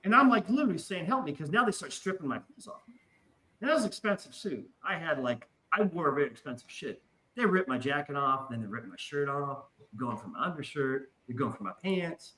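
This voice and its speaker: A man's voice: on the high side, brisk, roomy sound, rough recording. A man casually telling a wild story, swearing often and acting out the voices of the people in it. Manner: animated, profane, acts out voices in his story. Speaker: podcast guest.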